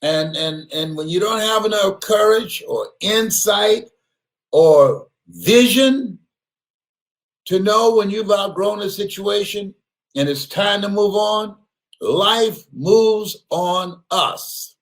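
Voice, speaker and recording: A man giving an animated motivational speech, often laughing, repeating words and bursting into shouts. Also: high-pitched, slow pace. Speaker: motivational speaker.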